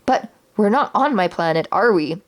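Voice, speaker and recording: A woman reading a children's story aloud, voicing an excitable male cowboy toy who exclaims shrilly. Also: medium pitch, normal speed, close to an everyday voice. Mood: urgent.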